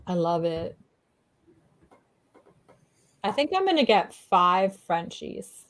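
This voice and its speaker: A woman in casual chat, bubbly and animated, often slipping into playful voices for her pets. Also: lowish voice, takes it slowly, slight background noise. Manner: bubbly, playfully acts out pets' thoughts in voices. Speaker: co-host of a pet healing livestream.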